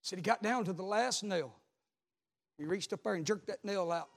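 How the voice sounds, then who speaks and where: A man, a pastor preaching a sermon, telling a story and then building to loud repeated calls. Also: high-pitched, normal speed, creaky.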